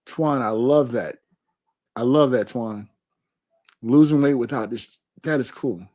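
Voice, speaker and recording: A man hosting a casual live stream, reading viewer comments aloud and answering with slow, repeated affirmations. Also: medium pitch. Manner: warm, repetitive, emphatic affirmations.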